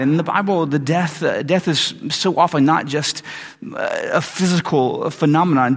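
Husky preacher in a reverberant hall. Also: male voice, on the high side. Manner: animated, conversational preaching with asides. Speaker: pastor. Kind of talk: sermon. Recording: long reverb of a large hall.

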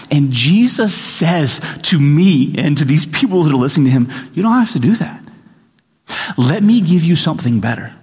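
A man preaching a sermon as pastor, telling stories with animated acted-out voices. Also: mid-range voice. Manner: animated storytelling, acts out quoted voices. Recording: reverberant hall recording.

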